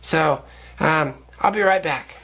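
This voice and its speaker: Male public access host, high-ish voice, sharp and bright tone, loose rambling delivery. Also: takes it slowly, gravelly. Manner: rambling, repeats and restarts words often. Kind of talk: casual rambling monologue to camera.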